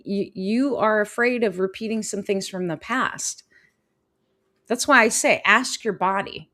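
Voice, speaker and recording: A woman hosting a live-stream coaching talk, animated, often repeating phrases and answering viewers' comments. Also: medium pitch.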